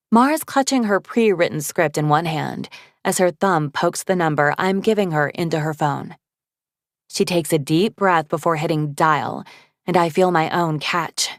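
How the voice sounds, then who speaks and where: A woman reading a first-person romance audiobook, expressive and voicing the dialogue herself. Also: low voice, normal speed, no room sound, studio quality. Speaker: audiobook narrator.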